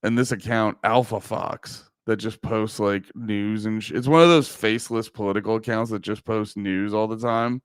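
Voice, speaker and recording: A man's voice: lowish voice, little pitch movement, normal speed, few pauses, smooth, no room sound, clean studio sound. A man in his thirties hosting a livestream, rambling casually with profanity and frequent laughs. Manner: profane, self-mocking, laughs often. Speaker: livestream host.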